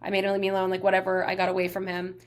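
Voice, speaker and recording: A woman's voice: medium pitch, racing. Chatty young woman telling a story. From Texas. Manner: chatty, animated, lots of "like". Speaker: podcast host. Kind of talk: casual storytelling.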